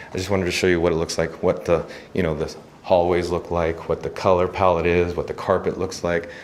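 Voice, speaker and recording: A man hosting a live-stream tour of hotel hallways, chatting and reading viewer comments aloud. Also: deep voice. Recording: noisy handheld phone recording.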